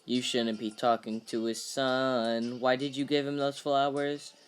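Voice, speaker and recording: A man's voice: medium pitch, level tone, measured pace, clean tone, soft background music, natural voice. A man voicing a stern, protective older male butler who speaks curtly and dismissively, in a parody dub of a film script. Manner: curt, dismissive.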